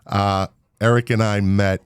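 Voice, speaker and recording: A man's voice: on the low side, level tone, measured pace, clean tone, dry recording, clean studio sound. A middle-aged man hosting a casual interview podcast, jokey and chatty, laughing often. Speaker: podcast host.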